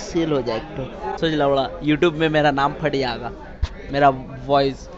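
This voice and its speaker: Rapid, abusive Indian-accented man in a noisy call center, muffled line, crowd chatter behind. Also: medium pitch. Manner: loud, abusive, rapid insults. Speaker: scam caller.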